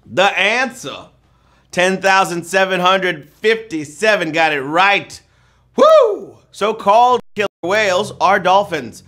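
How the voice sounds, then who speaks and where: Lively, bright-voiced male quiz host. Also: high-pitched, takes it slowly, soft background music. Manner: playful, joking, with loud whoops. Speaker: trivia game show host. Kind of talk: live quiz show hosting.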